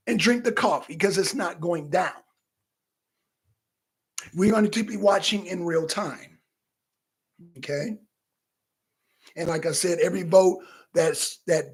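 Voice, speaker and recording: Male co-host, high husky voice, animated and profane casual commentary. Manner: animated, profane, chatting directly to viewers. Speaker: political talk show co-host.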